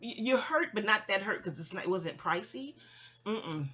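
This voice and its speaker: A woman's voice: mid-range voice, lively intonation, normal speed, pushed and bright, slightly rough. A woman, telling her life story in a rambling, digressive way, often breaking off and circling back. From New York City. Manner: digressive, self-interrupting, sighing asides. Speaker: memoir narrator.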